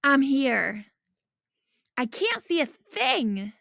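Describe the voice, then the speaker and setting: Woman voicing a jumpy, wide-eyed schoolboy, gravelly. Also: high voice, big pitch swings, drawn-out words, fairly bright tone, no echo, studio quality, full character voice. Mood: excited. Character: awed, jumpy middle-school boy.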